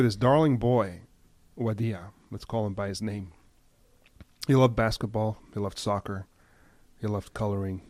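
A man giving impassioned news commentary, emphatic at times and dropping to a hushed, grave tone. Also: lowish voice, no room sound. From United States.

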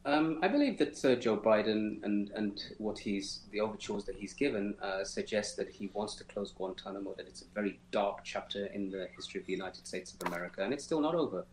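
A man's voice: fairly low pitch, fairly quick, few pauses, darkish tone, slight background noise. A man answering interview questions in an earnest, emphatic way, often restarting sentences and adding devout phrases. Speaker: interview guest, former detainee. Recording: roomy echo.

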